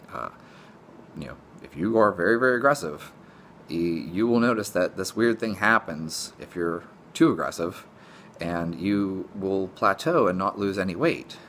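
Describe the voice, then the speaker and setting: A man, a fitness coach, explaining a topic in a blunt, profane, animated casual monologue. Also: sits low, slight background noise.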